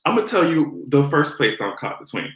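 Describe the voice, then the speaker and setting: A man's voice: fairly high pitch, big pitch swings, brisk, echoey room. A man hosting a casual commentary vlog, sassy and profane, laughing often as he talks. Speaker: host.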